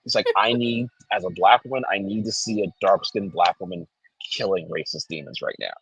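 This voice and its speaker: Speaking a little fast in a low, husky voice, a young guest comic creator from New Jersey animatedly tells a casual story and acts out what others said. There is no room sound, though the recording quality is low.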